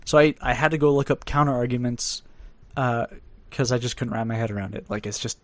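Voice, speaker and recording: A man's voice: medium pitch, a little fast, no room sound. Chatty young man with dry close sound. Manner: chatty, rambling, laughs often. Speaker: podcast co-host. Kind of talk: casual podcast chat.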